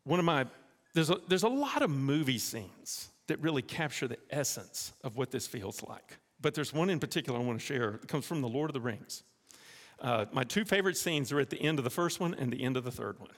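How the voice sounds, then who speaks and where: A man's voice: medium pitch, brisk. A man preaching a sermon as pastor, telling stories and making direct appeals to the congregation. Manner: animated storytelling, direct appeals. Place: church. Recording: echoey church hall.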